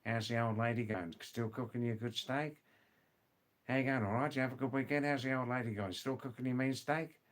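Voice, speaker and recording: A man putting on a broad Australian accent as a bloke greeting his mate, nasal and fast, his words running together. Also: medium pitch, fairly even intonation, natural voice. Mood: hearty. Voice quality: nasal, vowels run together.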